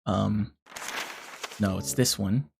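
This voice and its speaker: A game streamer giving casual live commentary, talking a puzzle through out loud and swearing often in frustration. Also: low voice, steady tone, takes it slowly, creaky, a little hiss or hum.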